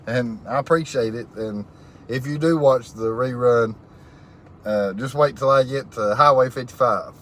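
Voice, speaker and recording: A man with a drawl hosts a relaxed live stream, reading viewers' comments out loud and laughing along. His talk is folksy and easygoing, at an ordinary middle pitch. A faint vehicle hum sits underneath. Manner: reads comments aloud, laughs often, folksy southern phrasing. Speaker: livestream host reading viewer chat. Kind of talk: casual live-stream chat.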